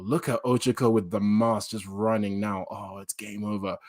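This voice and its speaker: A man giving casual, excitable reaction commentary on a manga chapter, full of slang. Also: lowish voice, normal speed, few pauses. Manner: excitable, slangy, reads panels aloud with bursts of laughter.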